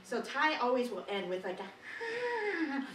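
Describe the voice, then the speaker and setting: A woman's voice: medium pitch, expressive, brisk, fairly bright tone, a little hiss or hum. A young woman performing a chatty stand-up bit at an open mic, giggling as she talks. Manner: chatty, giggles through her lines. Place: small performance studio. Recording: roomy, distant live mic.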